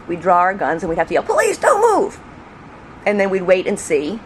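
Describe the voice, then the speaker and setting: A middle-aged woman who was a police officer tells a story in an interview, acting out the shouts. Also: on the low side. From New York State. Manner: lively, acts out the shouts. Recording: faint background noise.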